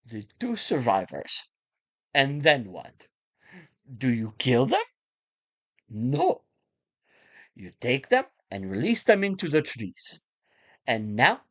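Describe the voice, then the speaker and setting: A man doing an impression of a calm, menacing middle-aged male film villain, delivering a theatrical monologue with a wavering put-on accent. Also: mid-range voice, heavily acted.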